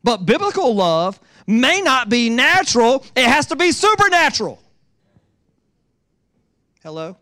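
Pastor, male, high and bright, emphatic repetitive preaching with rhetorical questions. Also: big pitch swings, unhurried, pauses often. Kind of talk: sermon. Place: church in Georgia.

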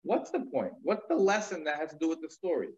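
A man teaching a Talmud lecture and retelling its story, his voice sitting a bit high. He talks conversationally, with fillers and restarts, and the recording sounds muffled and lo-fi. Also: big pitch swings, brisk, a little mellow. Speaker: rabbi teaching.

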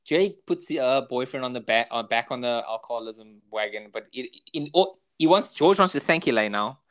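A man's voice: mid-range voice, lively intonation, a little fast, fairly bright tone. A man with a South African accent, co-hosting a podcast, rambling through episode recaps in casual chat full of filler words. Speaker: podcast co-host.

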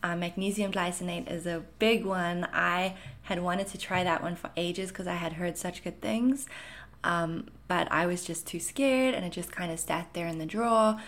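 A woman's voice: lowish voice, moderate pace, fairly bright tone. A woman in her thirties from South Africa, with a South African accent blended with Canadian, talking casually and reassuringly as she answers viewer questions. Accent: South African mixed with Canadian. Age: 30s. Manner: reassuring, chatty, frequent fillers. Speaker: anxiety content creator. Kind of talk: casual Q&A monologue.

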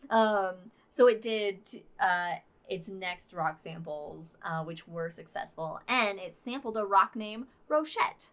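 A woman co-hosting a relaxed podcast chat. She rambles through her points with plenty of fillers and breaks into laughs. Her voice sits at an ordinary middle pitch. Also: slow, hardly any pauses. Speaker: podcast co-host. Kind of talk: casual chat.

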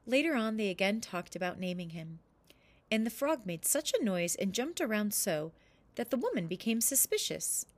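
Woman reading a kids story, really lively up and down, mid pitch. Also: moderate pace. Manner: expressive, animated narration.

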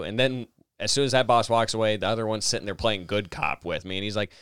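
Smooth-voiced man telling a rowdy story. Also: lowish voice, fast talker, few pauses, no room sound, clean studio sound. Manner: swearing, animated storyteller acting out quotes. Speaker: podcast co-host. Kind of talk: casual chat.

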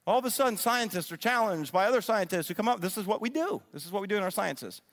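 A middle-aged man giving an animated sermon-style teaching, often checking in with his listeners. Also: high voice, fast. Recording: long reverb of a large hall.

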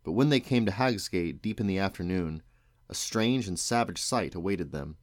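Father reading a storybook aloud, deep voice, measured and expressive. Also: dry recording, studio quality.

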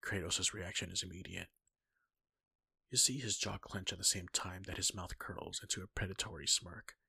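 Husky, gravelly male story reader. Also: deep voice, fairly even intonation, normal speed, bright, forceful tone, no echo. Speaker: fan-fiction reader. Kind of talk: second-person story reading.

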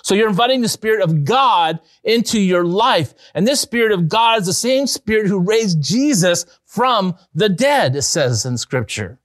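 A man preaching an evangelistic sermon as pastor, telling a story in an earnest way that rises to excited emphasis. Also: sits high, moderate pace, few pauses, no room sound, studio quality.

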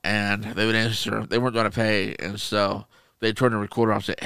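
A man co-hosting a podcast, telling stories in casual chat, animated and profane. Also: on the low side, fairly quick, gravelly, clear, resonant tone, no echo. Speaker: podcast co-host.

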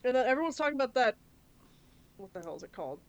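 A woman's voice: high-pitched, very animated, racing, dry recording, muffled recording. Chatty woman with frequent laughs. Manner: chatty, laughs often, swears casually. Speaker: podcast co-host. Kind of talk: casual chat.

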